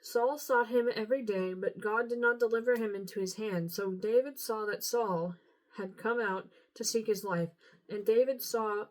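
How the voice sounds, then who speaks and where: A woman's voice: medium pitch, moderate pace, rough recording. A woman reading scripture aloud in a casual, unpolished way, tripping over hard names. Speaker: Bible reader.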